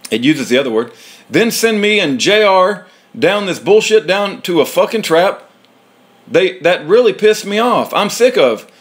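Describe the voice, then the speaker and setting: Man, high-pitched, reading a transcript aloud as a heated, profanity-laced rant.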